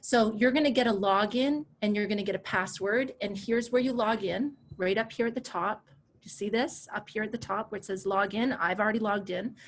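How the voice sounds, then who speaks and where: A woman in her forties teaching a live online coaching class over a video call, chatty and animated, laughing easily and repeating herself. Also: medium pitch, fairly quick, a little hiss or hum. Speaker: coach and course instructor.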